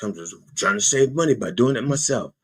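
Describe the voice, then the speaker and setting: Husky, lively-voiced man riffing profanely. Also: fairly quick. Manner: rambling, profane, jokey asides; puts on high mocking voices when quoting. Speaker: podcast host. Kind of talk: comedic political monologue.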